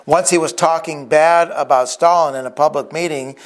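A man's voice: fairly high pitch, fairly even intonation, moderate pace. A man preaching a sermon in an earnest tone, acting out the quoted speakers as he retells scripture stories. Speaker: pastor.

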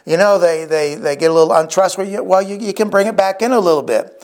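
A man's voice: sits high, fast talker, a little mellow. A man preaching a sermon as pastor, telling stories earnestly with frequent restarts. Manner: earnest storytelling with repeated restarts.

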